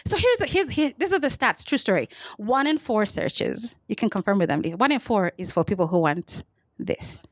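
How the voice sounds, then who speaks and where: A woman's voice: on the high side, big pitch swings, a little fast, no echo. A woman from Kenya doing a playful stand-up comedy set with crowd work on a comedy club stage.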